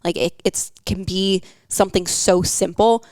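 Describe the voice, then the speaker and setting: A woman's voice: lowish voice, steady tone, unhurried, darkish tone, no echo. A young woman hosting a wellness podcast, talking casually with lots of fillers and an encouraging tone. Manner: chatty, filler-heavy, encouraging.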